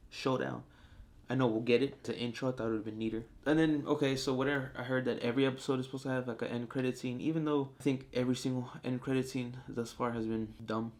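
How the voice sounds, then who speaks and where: A man reviewing a TV show in casual, profane talk, acting out the characters as he goes. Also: mid-range voice. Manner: animated, profane, acts out characters.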